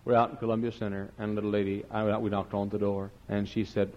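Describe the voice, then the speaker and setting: A man preaching a sermon as pastor in a church, folksy, soaring to high cries and dropping to low asides. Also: level tone, fast talker, hardly any pauses. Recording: dull lo-fi recording.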